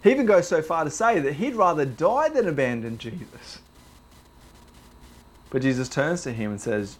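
A young man preaching a sermon, telling the story with animated, dramatized delivery. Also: on the high side, normal speed, pauses often, a little hiss or hum.

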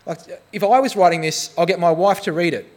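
A man preaching a sermon with a slightly higher voice than most men. He tells self-deprecating stories with a humorous touch, then turns to earnest appeals to his listeners. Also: a little fast. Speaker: pastor.

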